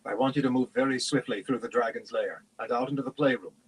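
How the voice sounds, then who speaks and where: A man's voice: mid-range voice, fairly even intonation, fast talker, husky, natural voice, low-quality recording. A man reading as a grave male knight. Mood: instructing.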